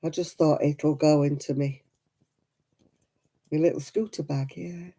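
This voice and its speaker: Middle-aged Lancashire woman, soft mellow tone, rough coughing throat, chatty and giggly stream host. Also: sits low, fairly even intonation, a little slow. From Lancashire, England. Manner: chatty, giggly, addresses viewers by name. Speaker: crafting livestream host. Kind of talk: chatty live stream, reading chat.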